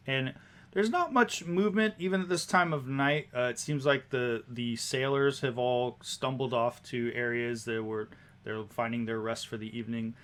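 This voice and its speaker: A man's voice: medium pitch, a bit bright. A man narrating a tabletop game as game master, describing scenes at an easy pace with small restarts.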